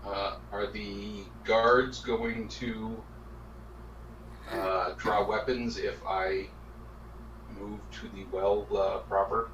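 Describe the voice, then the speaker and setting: Man player, slow halting speech, far from the mic, roomy dull noisy sound. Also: on the low side, little pitch movement, fairly bright tone. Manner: hesitant, searching for words. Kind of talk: tabletop game play.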